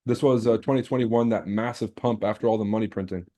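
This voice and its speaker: In a lowish, steady, mellow voice delivered at a quick pace, a man runs a live trading stream. He reads out the chat with brash teasing, swearing freely in a casual tone.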